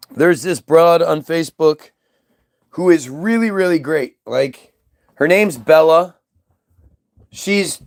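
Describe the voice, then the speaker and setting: A man talking casually to the camera outdoors in freezing weather, rambling, swearing and stammering as he repeats himself. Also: fairly high pitch. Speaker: vlogger.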